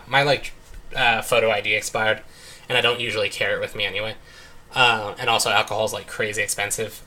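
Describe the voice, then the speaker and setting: A man's voice: on the low side, pushed and bright. A young man chatting casually while playing a game, rambling and filling his talk with "like" and "um". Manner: rambling, full of "like" and "um". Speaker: let's play host. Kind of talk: casual chat while gaming.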